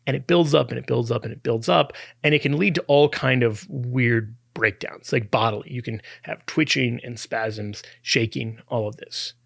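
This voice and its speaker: A man with a mid-pitched, gravelly voice talks through an argument as a podcast host. He speaks conversationally, restarting phrases and chuckling now and then. The sound is dry, with no room echo. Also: fairly bright tone. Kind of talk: apologetics talk.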